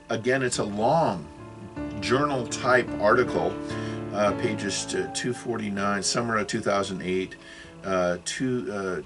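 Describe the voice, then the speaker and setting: A man in his sixties giving a rambling video lecture, often losing his thread and apologizing. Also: on the low side. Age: 60s. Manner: rambling, self-correcting, apologetic asides. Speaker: religious video teacher.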